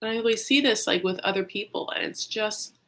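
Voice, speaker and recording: Woman vlogger for a reality-TV recap, bright, forceful voice, chatty and filler-heavy. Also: mid-range voice, brisk. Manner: chatty, heavy use of "like", animated asides. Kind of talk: casual gossipy recap vlog.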